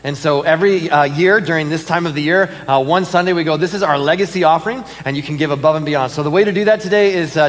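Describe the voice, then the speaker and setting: A pastor in a church auditorium, his voice slightly high and carrying a big-room sound, shares announcements and stories during the service. His manner is casual and animated, full of fillers and laughs.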